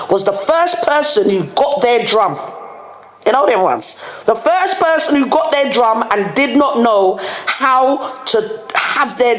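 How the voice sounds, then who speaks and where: A woman's voice: on the high side, roomy sound. A woman hosting a podcast, ranting candidly in slang and laughing often. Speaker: podcast host. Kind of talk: casual solo rant.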